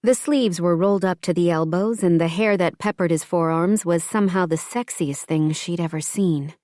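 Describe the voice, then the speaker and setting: A woman reading an audiobook romance in calm, even scripted narration. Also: on the low side, moderate pace, no room sound, studio quality.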